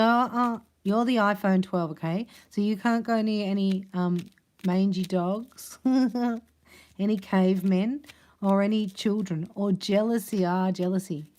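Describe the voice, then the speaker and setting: A woman's voice: mid-range voice, warm tone. A woman giving a chatty, playful tarot reading, laughing often and sometimes dropping to a near whisper. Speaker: tarot card reader. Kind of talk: casual tarot reading monologue.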